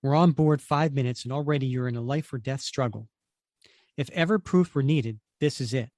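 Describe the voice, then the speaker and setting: A man's voice: medium pitch, moderate pace, darkish tone, dry recording, clean studio sound, lightly acted. A man voicing a cold female villain delivering an accusing monologue. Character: cold anti-hero woman villain.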